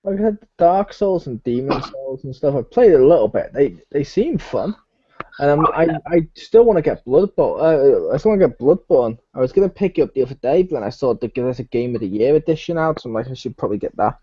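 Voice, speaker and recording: A man's voice: medium pitch, animated, fairly quick, husky, no room sound. A man hosting a gaming podcast, chatting casually with playful, teasing banter. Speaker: podcast host. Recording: dull lo-fi podcast audio.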